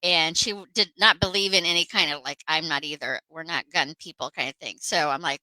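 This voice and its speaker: A woman's voice: on the low side, a little fast, hardly any pauses, sharp tone, no room sound, poor audio. A woman hosting a casual chat, telling rambling stories with lots of fillers. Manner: rambling storyteller with many fillers. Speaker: host.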